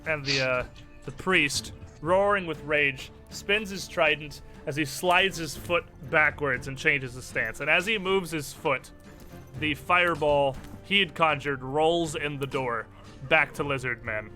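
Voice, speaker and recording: A man's voice: a little high, a little slow, bright, forceful tone, faint music behind. A man running a tabletop game as game master, narrating the action with frequent laughter.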